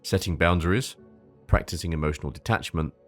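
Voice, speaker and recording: A man's voice: sits low, brisk, soft background music. A man hosting a solo advice podcast. He reads from a script, stumbles over repeated words, and drops into casual asides, sometimes with a swear. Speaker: podcast host.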